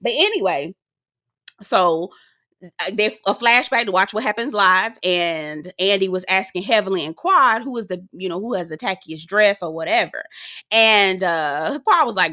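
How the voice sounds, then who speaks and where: A woman's voice: mid-range voice, animated, moderate pace, pushed and bright, no room sound, clean studio sound. A woman recapping a reality show for her viewers in a sassy, laughing, slang-filled style. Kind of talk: casual commentary to viewers.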